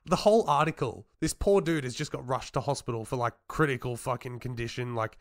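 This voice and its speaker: A man's voice: medium pitch, brisk, no room sound, studio quality. A man co-hosting a casual podcast chat, swearing often and teasing his co-host.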